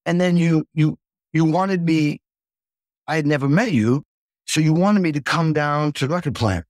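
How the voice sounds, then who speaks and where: A man hosting a casual chat, an animated storyteller who acts out the voices in his anecdotes. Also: on the high side, moderate pace, no echo, studio quality. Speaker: host, session drummer.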